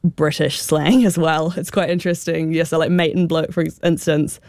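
A woman's voice: deep voice, level tone, normal speed, darkish tone, no echo, clean studio sound. A woman with a New Zealand accent, a guest expert explaining slang in a radio interview, talking with many fillers like "sort of" and "um".

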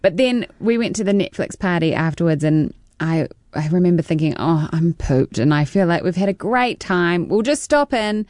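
A woman's voice: lowish voice, lively intonation, normal speed, hardly any pauses, a little mellow, no echo, clean studio sound. Chatty New Zealand woman in her forties. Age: 40s. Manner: chatty, laughs often, tumbling storyteller. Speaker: actor guest. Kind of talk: casual interview chat.

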